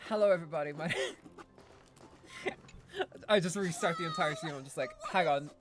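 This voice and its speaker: A woman's voice: sits low, brisk, noisy background. A woman streamer giving casual, rambling gameplay commentary, often correcting herself and laughing.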